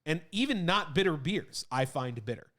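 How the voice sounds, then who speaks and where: A man's voice: a little high, lively intonation, normal speed, fairly bright tone. A man co-hosting a casual podcast, bluntly giving strong opinions about food. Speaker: podcast co-host. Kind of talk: casual chat.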